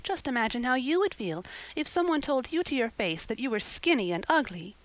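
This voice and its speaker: A woman's voice: big pitch swings, moderate pace, a bit bright, rough recording. A woman voicing a passionate young orphan girl. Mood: wailing, pleading. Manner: impassioned and pleading, high and rising. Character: passionate, dramatic red-haired orphan girl. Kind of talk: audiobook character reading.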